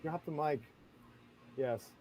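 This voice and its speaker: A man's voice: a little high, slow pace, a little mellow. A man hosting a casual chat, playful, throwing out bold opinions and laughing often. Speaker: host.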